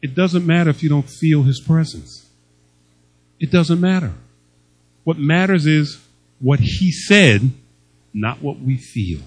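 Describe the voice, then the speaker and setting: A man's voice: a little high, expressive, slow, pauses often, slightly rough, dry recording, low-quality recording. An older man preaching a sermon as pastor, emphatic and humorous, telling stories and reading scripture.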